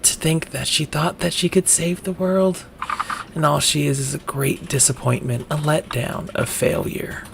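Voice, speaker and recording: A man's voice: a little high, steady tone, unhurried, creaky, background noise, pitched above the performer's own voice. A man voicing a towering, scornful fused spectre. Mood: disdainful. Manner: cold, disdainful pronouncement. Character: giant fused parents and villain, scornful.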